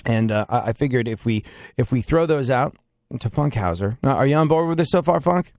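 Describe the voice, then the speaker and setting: A man's voice: medium pitch, lively intonation, fairly quick, darkish tone, no echo, studio quality. A man hosting a podcast in casual chat, talking in a wry, rambling, self-deprecating way. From England. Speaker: podcast host.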